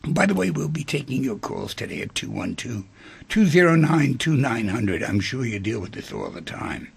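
Gravelly, husky man hosting talk radio. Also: medium pitch, normal speed. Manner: animated, acts out dialogue in stories. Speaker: radio call-in show host.

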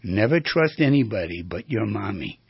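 A man's voice: sing-song, moderate pace, vocal fry, slightly rough, dry recording, dull audio, heavily acted. A man doing a possessive, crooning mother. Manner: low, soft, crooning. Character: clingy possessive mother whispering at night.

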